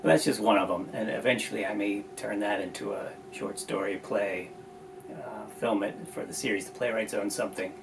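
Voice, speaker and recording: Male playwright guest, low gravelly voice, reflective, recorded off-mic with background noise. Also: fairly even intonation, a little fast, distant mic. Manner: reflective, thoughtful storyteller. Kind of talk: casual conversation.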